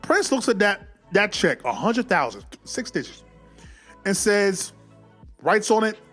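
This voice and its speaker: A man giving a casual, animated movie recap, swearing freely and acting out the scenes as he goes. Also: sits high, a little slow, faint music behind. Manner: animated, profane, acts out scenes. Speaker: film reviewer.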